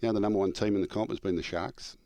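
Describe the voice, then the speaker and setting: Deep-voiced older man spinning yarns. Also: very fast, dry recording. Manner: animated storyteller, acts out quoted dialogue, laughs through punchlines. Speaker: former coach and show regular. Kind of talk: casual storytelling chat.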